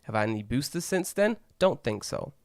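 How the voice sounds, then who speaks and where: A young man co-hosting a podcast, rambling through a story and swearing freely. He animates the people he quotes with bursts of pitch, and his voice sits dry and close to the mic. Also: brisk, dry recording. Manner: rambling, swears a lot, animated when acting out others. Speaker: podcast co-host. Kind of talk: casual storytelling chat.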